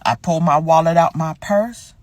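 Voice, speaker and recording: A woman's voice: low-pitched, moderate pace, darkish tone, no echo. A woman telling a dating story to camera in a blunt, sassy way, swearing freely.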